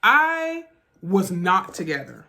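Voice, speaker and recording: Bright-voiced woman telling an emotional story. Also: mid-range voice, sing-song. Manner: emotional, halting retelling with restarts. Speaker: vlogger. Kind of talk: storytime vlog.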